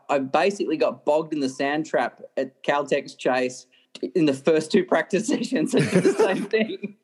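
Aussie racing guy in an interview, slightly high voice, laughs a lot, trips over his words. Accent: Australian. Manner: animated, laughs often, restarts sentences. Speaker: racing driver guest. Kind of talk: interview storytelling.

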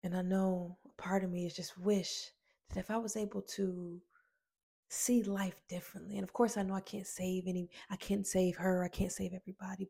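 A woman's voice: mid-range voice, gravelly, warm tone, husky. A woman giving a motivational talk, telling a personal story in an earnest, emotional way, addressing listeners as friends and repeating key phrases. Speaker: motivational speaker.

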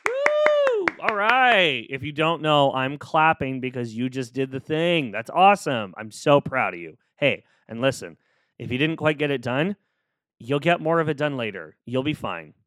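Animated and fairly bright, a man's mid-range voice moves at a moderate pace in a dry, clean studio recording made on a close microphone. As a solo podcast host, he talks casually and cheers the listener on with upbeat playfulness.

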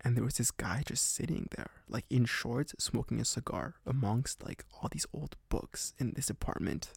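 A young man from Canada rambles through a casual podcast story, leaning on "like" constantly and laughing now and then. His voice is gravelly, recorded dry and close. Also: mid-range voice, animated, moderate pace, no echo. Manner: rambling, heavy on "like" fillers, laughs often. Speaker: podcast host.

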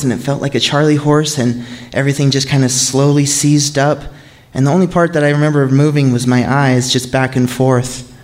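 A young man telling a true story live on stage, in an earnest, suspenseful manner. He lets hushed pauses build the tension. His voice sits at an ordinary middle pitch. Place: live stage before an audience.

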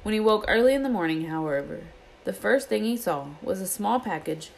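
Reading from a children's novel, a woman brings the characters' lines to life in her own lively voices. Her medium-pitched voice is creaky and a little fast, and the audio quality is poor.

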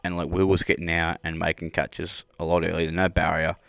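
A man hosts a relaxed interview, chatting easily and scattering "like" through his talk. His voice sits very low. The sound is dry and close. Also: brisk, vocal fry, no room sound. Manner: easygoing, fillers like "like" and "you know". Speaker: podcast host. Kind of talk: casual interview chat.

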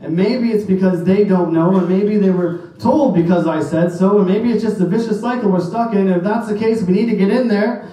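A brisk, warm, high-pitched voice carries this pastor's emphatic sermon through a church sanctuary. He cites scripture in old-style wording, and the far-off mic catches the very echoey hall.

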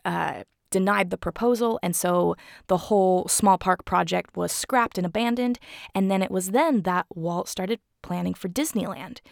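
A woman talks through a ride's backstory in a relaxed, chatty way, dropping ums and little laughs as she goes. Her voice sits a bit low and has a gravelly fry. The recording is dry and close. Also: no room sound. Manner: chatty, giggly, with many ums and uhs. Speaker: theme park history vlogger. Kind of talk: casual explainer.

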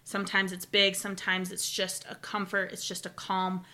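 A young woman chatting casually as a podcast co-host, telling stories with animated enthusiasm. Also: medium pitch, moderate pace. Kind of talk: casual chat.

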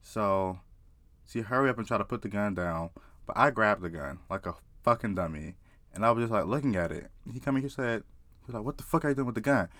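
A young Southern man with a low voice rambles through a story, swearing freely and getting worked up as he goes. His voice sounds dry and close, with no room around it. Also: brisk, no echo. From South Carolina. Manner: profane, excitable, rambling. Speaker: vlogger. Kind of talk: casual storytelling.

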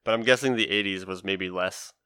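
Chatty, bright-voiced man laughing through a casual chat. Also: low-pitched, fairly quick, clear, resonant tone, dry recording, clean studio sound. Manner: chatty, laughing often, rambling asides. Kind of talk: casual chat reviewing a film.

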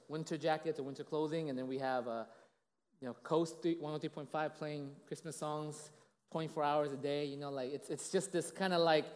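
A man in his late thirties giving a casual, conversational sermon as a pastor, telling stories with lots of fillers and "you know, right?" asides, and acting out quoted voices. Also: a little mellow. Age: late 30s. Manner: casual, chatty, heavy on fillers and 'you know', 'right?'; acts out quoted voices with big pitch jumps. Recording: long reverb of a large hall.

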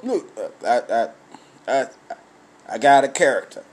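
A man's voice: mid-range voice, huge pitch swings, slow pace. A middle-aged man hosting his own podcast, telling profane stories in a raw, casual monologue while drinking. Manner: profane storytelling, loud cackling laughs. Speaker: podcast host.

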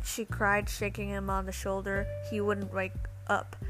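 A woman reading a storybook aloud in steady first-person narration. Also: medium pitch, measured pace, few pauses, soft background music, rough recording. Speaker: audiobook reader.

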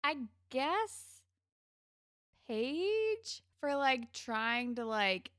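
A woman co-hosting a podcast, chatting in a relaxed, rambling way and laughing often as she recaps a TV episode. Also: sits high, drawn-out words, no echo, clean studio sound. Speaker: podcast co-host. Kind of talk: casual chat recapping a TV episode.

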